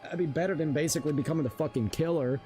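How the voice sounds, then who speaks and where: A man's voice: on the high side, very fast, dark tone, soft background music. A male streamer cursing and ranting in frustration during a live gameplay stream.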